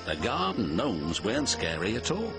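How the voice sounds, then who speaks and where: A man narrating a children's storybook in an expressive read-aloud style. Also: fairly low pitch, moderate pace, over music. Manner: expressive, animated.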